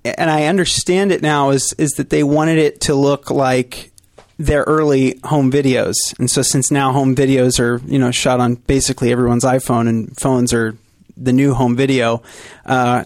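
A man's voice: medium pitch, level tone, moderate pace, no room sound, studio quality. A man, a filmmaker, casually explaining details in a matter-of-fact way. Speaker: filmmaker, guest. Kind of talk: casual chat.

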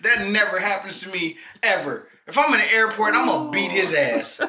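A man in casual chat, excitable and exclaiming, repeating himself as he talks. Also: sits high, a little fast. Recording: echoey room with noticeable noise.

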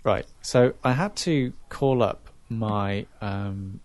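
A man's voice: lowish voice, slow pace, darkish tone. A man hosting a podcast, telling a story in casual chat and mimicking other voices as he goes. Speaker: podcast host.

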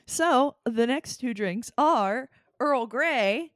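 A woman's voice: on the high side, animated, extremely slow, no room sound, clean studio sound. A woman co-hosting a casual podcast chat, easygoing and giggly. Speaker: podcast co-host.

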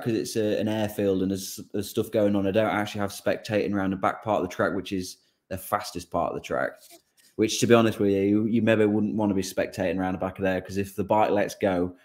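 A relaxed man from Lincolnshire with an English accent, a motorcycle racer chatting casually in an interview. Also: fairly low pitch. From Lincolnshire, England.

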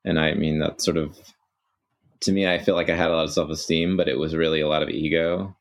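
Very deep gravelly-voiced man, reflective. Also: steady tone. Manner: thoughtful, affirming, measured. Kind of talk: reflective conversation.

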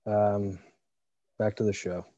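A man co-hosting a comedy podcast, wry and deadpan, often trailing off with fillers. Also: fairly low pitch, takes it slowly, dry recording, muffled recording. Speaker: podcast co-host. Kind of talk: casual comedy banter.

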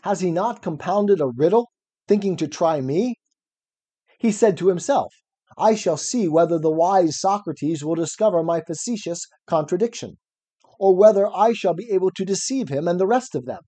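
A man's voice: high voice, expressive, moderate pace, warm tone. A man reading aloud as an elderly male philosopher defending himself at trial, ironic and probing. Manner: cross-examining, probing, ironic. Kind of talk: reading a classic dialogue aloud.

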